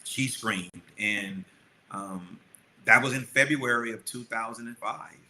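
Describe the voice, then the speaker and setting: Bright-voiced man telling a story. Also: on the low side, a little slow, rough recording. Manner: animated storyteller, acts out quotes. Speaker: podcast co-host. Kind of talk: storytelling chat.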